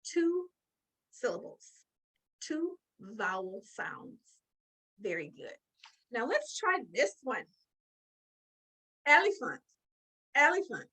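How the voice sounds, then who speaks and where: A woman's voice: high-pitched, very animated, sharp tone, breathy edge, low-quality recording. A woman teaching a children's phonics lesson, encouraging and drawing out words as she claps along. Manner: slow, sing-song and encouraging, drawing out words.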